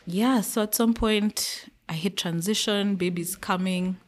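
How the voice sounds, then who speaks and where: A woman guest on a podcast telling her story casually, animated and laughing often. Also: medium pitch, measured pace.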